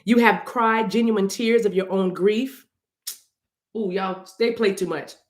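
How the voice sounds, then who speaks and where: A woman's voice: medium pitch, fairly even intonation, a little slow, roomy sound. Woman, livestream card reader, chatty, talks to chat, casual. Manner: chatty, sings snippets, addresses chat directly. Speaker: spiritual reader.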